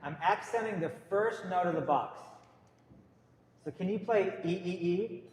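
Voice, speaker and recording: A man with a high-pitched voice speaks a little slowly as he leads a guitar class, counting beats and calling out note letters for his students to repeat in unison. He's a music teacher, recorded in an echoey room with faint noise.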